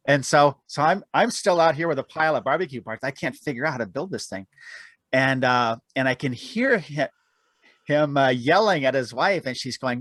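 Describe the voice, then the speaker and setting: A man's voice: mid-range voice, expressive, moderate pace, a bit bright, no room sound. A man being interviewed on a podcast, telling long self-deprecating stories and laughing often. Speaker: guest, aerial cameraman and author.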